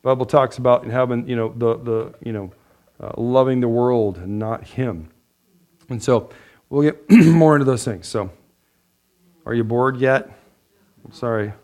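A man's voice: mid-range voice, measured pace, long pauses. A man preaching a sermon, reading scripture and laughing often between points. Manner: lively, laughs often, loud bursts of praise. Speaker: pastor.

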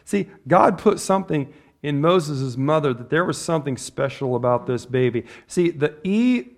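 Chatty, higher-voiced male preacher. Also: expressive, normal speed. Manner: conversational, asks the audience questions and laughs often. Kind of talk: sermon.

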